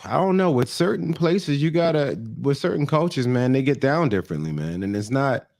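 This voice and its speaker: A man's voice: mid-range voice, expressive, a little fast, vocal fry, a little mellow, no echo. Laid-back man making slangy podcast asides. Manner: laid-back, slangy, chimes in with comments and little acted lines. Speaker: podcast co-host. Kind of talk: casual chat.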